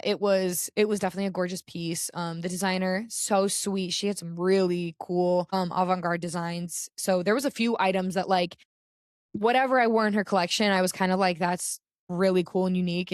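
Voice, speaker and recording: A young woman with an American accent talks in a relaxed, chatty way, scattering filler words as she goes. Her pitch sits in an ordinary middle range. The recording is close and dry, with no room sound. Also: dry recording. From United States. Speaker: podcast co-host. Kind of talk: casual chat.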